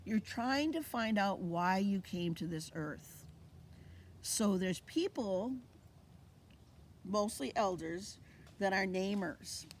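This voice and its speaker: This Indigenous cultural teacher speaks slowly, leaving long pauses, in a mid-range voice with lively intonation. She's leading an informal teaching talk outdoors on a fall plant walk, storytelling animatedly and acting out the voices she quotes. A bit of background noise comes through.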